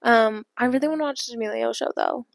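Easygoing young woman, slightly high voice. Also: quick pace, vocal fry, dry recording, clean studio sound. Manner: relaxed, short agreeing replies. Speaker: podcast co-host. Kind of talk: casual chat. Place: bedroom.

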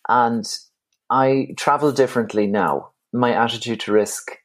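An Irish man in his forties speaks at a middling pitch as a guest travel writer. He tells his stories in an animated, rambling way, circling back with restarts and the odd laugh. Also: unhurried. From Ireland. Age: 40s. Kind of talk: conversational storytelling.

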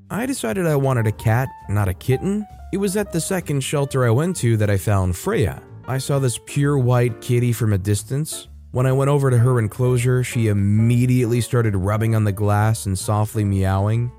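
A man reading stories aloud in an expressive, emphatic way, with wry asides. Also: medium pitch. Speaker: story narrator.

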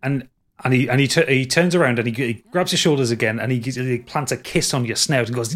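A man runs a tabletop game as game master, narrating what the characters do. He stumbles and restarts his sentences often and fills gaps with "kind of". His voice has an ordinary pitch. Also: a little fast, fairly bright tone. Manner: restarts sentences, many fillers.

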